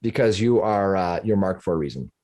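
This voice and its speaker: A man's voice: deep voice, lively intonation, brisk, darkish tone. A man acting as dungeon master for a tabletop game, narrating the monsters' actions with relish.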